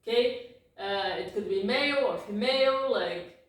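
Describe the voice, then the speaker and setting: A native Portuguese-speaking woman teaches a language lesson slowly, with a fairly high voice. She keeps checking in with "ok?" and corrects herself as she goes. The recording is very echoey, with her voice picked up from a distance. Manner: repeats words and checks in with "ok?" constantly; self-correcting, apologetic asides. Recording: very echoey room, distant mic.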